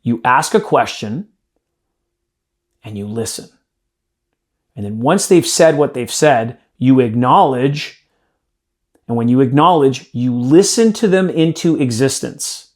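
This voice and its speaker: A man's voice: mid-range voice, expressive, unhurried. A man running a live sales training, coaching a group emphatically and addressing them directly.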